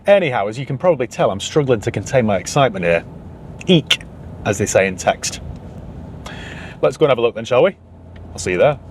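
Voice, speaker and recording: A man's voice: mid-range voice, darkish tone, slight background noise. Dry, joking Northern English man. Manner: dry, sarcastic humour. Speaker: used car dealer and channel host. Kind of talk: casual vlog to camera.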